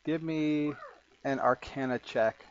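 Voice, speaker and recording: A man narrating as game master of a tabletop game, with halting, rambling delivery. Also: on the high side. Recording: muffled lo-fi audio.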